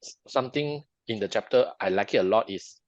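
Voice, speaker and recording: Low-voiced man discussing a book, halting. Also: no echo. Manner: halting, repeats words often. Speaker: podcast co-host. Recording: dull lo-fi dry sound.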